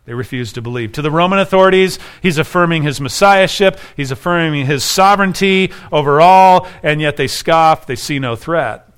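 A man preaching an expository sermon, emphatic, repeating key phrases and slowing down for quoted scripture. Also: fairly high pitch, fairly bright tone, smooth.

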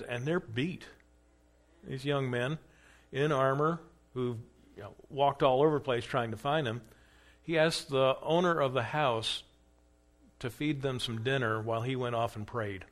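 A man's voice: mid-range voice, unhurried, fairly bright tone. A man lecturing a class on church history. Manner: conversational, acts out quoted dialogue with rising emphasis; asks questions of a class.

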